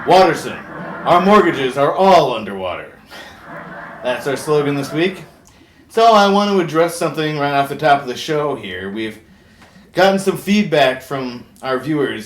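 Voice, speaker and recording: A man playing a goofy, punning male shark who hosts a comedic late-night talk show, delivering a deadpan monologue and chuckling at his own jokes. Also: mid-range voice, close to an everyday voice. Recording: roomy echo with faint background hum.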